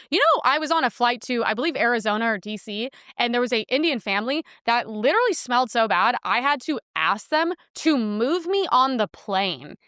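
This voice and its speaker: A woman's voice: a little high, lively intonation, a little fast, few pauses, sharp tone, no room sound, studio quality. A young woman hosting a podcast in a casual, blunt monologue, full of filler words and crude asides. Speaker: podcast host.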